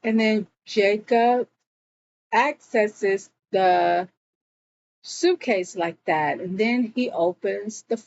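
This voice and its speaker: A woman's voice: medium pitch, very slow, vocal fry, darkish tone, no echo, highs cut off. A woman casually retelling an episode scene by scene, with lots of "like" and asides. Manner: chatty retelling peppered with "like" and "girl". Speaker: show recap reviewer.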